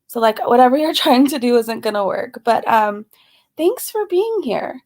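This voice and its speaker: A woman's voice: on the high side, very animated, normal speed, darkish tone. Breathless, chatty woman on a live stream. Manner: chatty, greets viewers by name, laughs between phrases. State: slightly out of breath. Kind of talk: casual live-stream chat.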